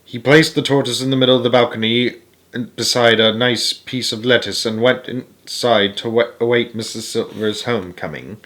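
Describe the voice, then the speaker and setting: A man's voice: mid-range voice, steady tone, moderate pace, fairly bright tone. Man reading a children's story aloud.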